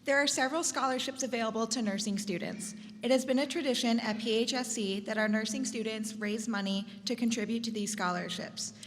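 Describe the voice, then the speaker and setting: A woman's voice: a little high, fairly quick, hardly any pauses. Woman presenting in a noisy hall. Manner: reading prepared remarks. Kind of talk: formal presentation. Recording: long hall reverb, background noise.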